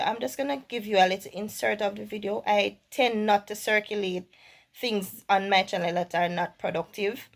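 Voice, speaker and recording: Middle-aged woman, vlogger, earnest moralizing commentary, mid-pitched voice. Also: steady tone, gravelly. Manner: earnest, measured, moralizing, with small restarts. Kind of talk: casual commentary to camera.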